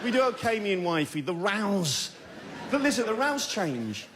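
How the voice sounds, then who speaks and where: A man's voice: high voice, very animated, moderate pace, very noisy. A man from doing a stand-up comedy set, acting out characters in put-on voices. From Yorkshire, England. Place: large theatre with a live audience.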